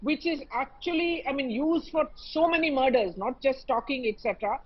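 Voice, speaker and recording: A woman's voice: high-pitched, moderate pace. A woman panelist with an Indian English accent, speaking in an impassioned, emphatic way with many fillers in a televised debate. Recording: slightly muffled broadcast audio.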